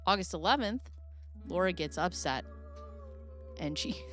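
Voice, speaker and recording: A woman's voice: fairly low pitch, animated, a little slow, faint music behind. A woman hosting a casual reaction commentary, goofy and giggly, rambling as she reads through documents. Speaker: host.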